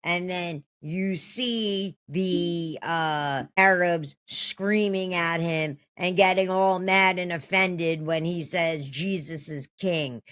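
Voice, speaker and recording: A host casually commenting on news and clips, talking in a rambling, relaxed way. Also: mid-range voice, slow, hardly any pauses, smooth. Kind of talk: commentary vlog.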